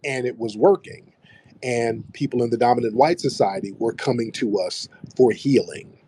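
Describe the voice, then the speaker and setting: A man's voice: medium pitch, moderate pace, dark tone, a little hiss or hum. A man hosting his own radio show, lecturing the audience in an emphatic monologue and repeating phrases to drive points home. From United States.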